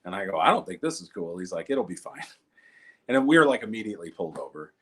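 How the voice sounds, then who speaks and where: A man's voice: sing-song, quick pace, breathy edge. A young man from Minnesota doing an online stand-up set from home, loose storytelling that jumps into quoted voices. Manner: loose storytelling, acts out quoted people in jumpy high voices. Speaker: stand-up comedian.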